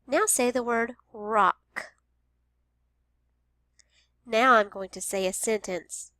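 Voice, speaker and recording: A woman teaching a phonics lesson to young children, speaking slowly and sounding out each word with care. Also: fairly high pitch, a bit bright, no room sound, clean studio sound. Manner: slow, careful, over-enunciated.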